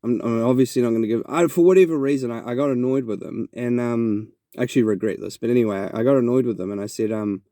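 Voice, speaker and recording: Speaking fast with hardly a pause, this mellow, mid-pitched man hosts a podcast in a New Zealand accent. His casual monologue wanders reflectively through a story, restarting again and again, and there's no echo.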